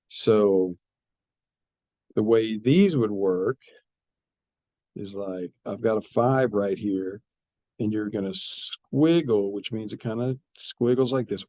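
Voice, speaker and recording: A man's voice: on the low side, darkish tone, dry recording. A man teaching a math lesson, explaining step by step and often repeating his phrases. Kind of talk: classroom math lecture.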